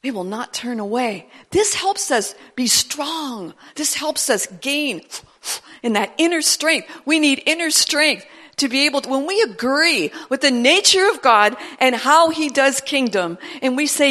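A woman preaching a sermon in a church service, animated and building to emphatic declarations. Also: high-pitched, measured pace.

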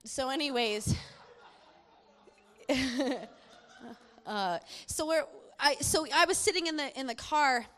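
A young woman gives a personal testimony from the front of a large hall, her fairly high voice carried on a long reverb. She talks in a chatty, animated way and laughs often between her thoughts. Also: takes it slowly, pauses often. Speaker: speaker sharing a testimony.

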